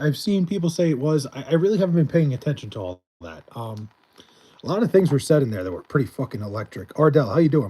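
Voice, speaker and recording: A man's voice: medium pitch, dark tone, slightly rough. A man chatting casually on a live stream, reading and answering chat messages in a rambling, swearing way, his voice mostly gone so he half-whispers.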